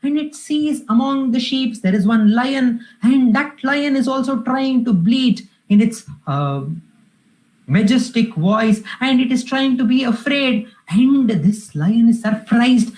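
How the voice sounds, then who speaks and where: A woman's voice: a little high, expressive, slow pace, a little mellow, rough recording. A woman telling a spiritual parable at a weekly devotional gathering. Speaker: satsang speaker. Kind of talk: spiritual storytelling talk.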